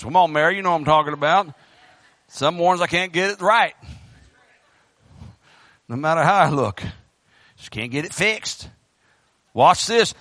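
Male pastor, high-pitched, bright tone, passionate sermon delivery into a church microphone. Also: normal speed, pauses often, dry recording. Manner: fervent preaching, swinging between loud bursts and hushed pleading. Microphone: handheld microphone.

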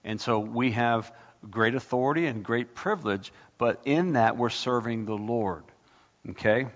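A man's voice: mid-range voice, unhurried, in a large hall, dull audio. A man preaching a sermon in a church, emphatic and full of rhetorical questions, repeating his points. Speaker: pastor.

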